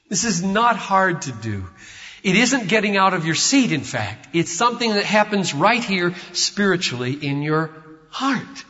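A man preaching a sermon, swinging from hushed tones to shouts with an emphatic, repetitive cadence. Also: sits high, sing-song, a little slow. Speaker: pastor. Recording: reverberant hall, dull lo-fi sound.

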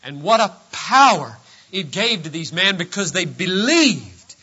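Male pastor, high and piercingly bright voice, emphatic pulpit delivery, muffled lo-fi sermon tape. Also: very animated, measured pace, slightly rough. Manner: emphatic pulpit preaching, swinging between loud and hushed. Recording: dull lo-fi sermon recording.

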